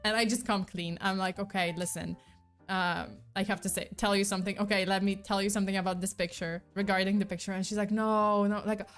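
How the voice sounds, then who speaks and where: A woman's voice: mid-range voice, fast talker, soft background music. Rambling young woman telling a story. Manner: rambling, self-deprecating, animated retelling with laughs. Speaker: VTuber streamer. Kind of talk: casual storytelling chat. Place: subway station.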